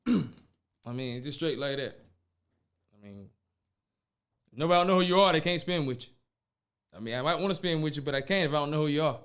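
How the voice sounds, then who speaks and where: A man's voice: a little high, expressive, a little fast, pauses often, a bit bright, smooth. A man hosting a casual podcast, telling stories animatedly, acting out voices and laughing often. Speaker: podcast host.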